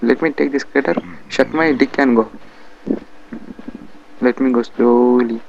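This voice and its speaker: Gravelly Indian English man doing a comic game dub. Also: mid-range voice, fairly even intonation, a little slow, dull audio, a little hiss or hum. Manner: chatty, bickering, muttering to himself.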